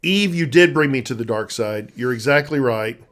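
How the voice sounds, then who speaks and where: A man's voice: medium pitch, expressive, normal speed, fairly bright tone. A man co-hosting a casual live-stream chat, joking and bantering playfully. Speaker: co-host, author's husband.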